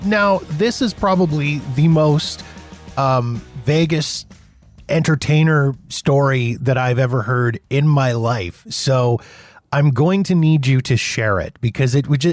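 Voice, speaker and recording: A man hosting a podcast, reading an introduction and then chatting with a guest in an expressive way. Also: medium pitch, measured pace, no echo. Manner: laughs easily, expressive delivery. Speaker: podcast host. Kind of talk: scripted intro then casual chat. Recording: music playing behind the voice.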